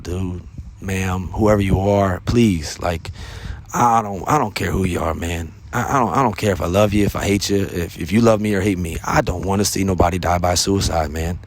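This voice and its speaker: Earnest deep-voiced American man. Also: fairly even intonation, moderate pace, creaky, slight background noise. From United States. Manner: earnest, repetitive, peppered with "man" and "right?". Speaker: podcast host. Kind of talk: casual monologue on resilience.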